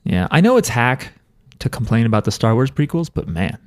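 A man hosting a podcast in easygoing conversation. He rambles, loses his thread and swears offhandedly, in a relaxed and unpolished chat-show manner. His voice sits at an ordinary middle pitch. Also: fairly quick. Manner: rambling, loose and swears casually. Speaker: podcast host. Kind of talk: casual chat.

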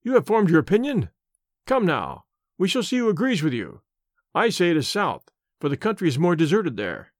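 A man voicing a confident Victorian police inspector who talks in a hearty, brisk way. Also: sits high, sing-song, no echo, studio quality.

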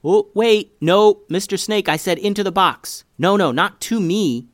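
A man's voice: on the high side, big pitch swings, normal speed, no room sound, clean studio sound, pitched above the performer's own voice. A man doing a jumpy, panicky boy. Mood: coaxing. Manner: panicky, exclaiming. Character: excitable boy, a bit dramatic and jumpy.

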